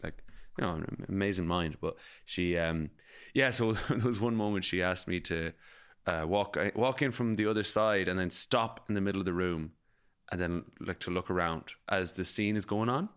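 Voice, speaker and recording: A man's voice: deep voice, normal speed, fairly bright tone, smooth. An Irish man from Galway, co-hosting a podcast and telling a rambling story in casual chat, full of fillers and swearing. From Ireland, Galway. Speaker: podcast co-host.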